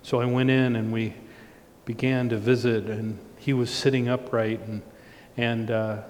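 A man preaches a sermon, earnestly telling a personal story and building to emphatic points. His voice is level, unhurried, and darkish, recorded with long hall reverb and a faint low rumble.

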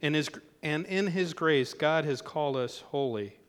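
A man's voice: a little high, a little slow, clear, resonant tone, in a large hall. A man preaching a sermon as pastor in a church, talking in a conversational way with joking asides.

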